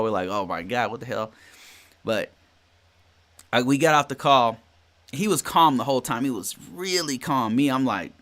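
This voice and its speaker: A man's voice: medium pitch, a bit bright. Guy hosting a live podcast, loose chatty talk, keeps restarting lines and asking right?. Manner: informal, restarts sentences, asks "right?". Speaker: podcast host. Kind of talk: live-streamed casual talk, reading viewer questions.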